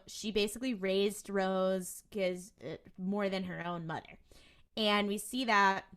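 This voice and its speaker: A woman co-hosting a podcast, recapping a TV episode in casual chat and acting out the characters' lines. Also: fairly low pitch. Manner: animated storytelling with quoted voices and laughs. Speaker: podcast co-host.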